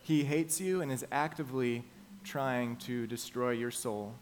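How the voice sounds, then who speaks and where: A man preaching a sermon as pastor, emphatic and slowing down to stress the key phrases. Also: medium pitch, slight background noise.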